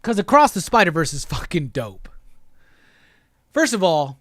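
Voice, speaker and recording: A man's voice: on the high side, big pitch swings, unhurried, fairly bright tone, no echo, clean studio sound. A man hosting a live pop-culture stream, ranting with lots of profanity and exasperation. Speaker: host.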